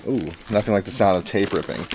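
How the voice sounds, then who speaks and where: A man in his thirties talks through an unboxing in a relaxed, rambling way, pausing on fillers and jumping between thoughts. His voice sits fairly low and he sounds genuinely excited about what he finds. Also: background noise. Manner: chatty, rambling, enthusiastic. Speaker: comic collector and channel host. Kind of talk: casual unboxing vlog.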